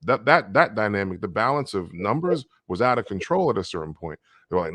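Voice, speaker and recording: A man speaking as a guest in an emphatic, animated conversation. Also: fairly low pitch, fairly quick, no echo. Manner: emphatic, acts out voices to make points. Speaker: guest artist.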